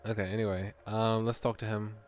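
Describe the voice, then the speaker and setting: A man's voice: on the low side, little pitch movement, brisk, faint music behind. A man streaming as a VTuber, chatting casually and laughing while he plays a game. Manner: chatty, rambling, laughs often. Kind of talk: casual gameplay commentary.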